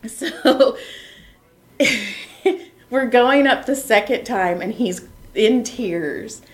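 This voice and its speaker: A woman hosting a casual chat in a basement, telling lively stories, acting out the quotes and laughing often. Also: a little high, drawn-out words. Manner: animated storyteller acting out quotes. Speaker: podcast host. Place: basement room.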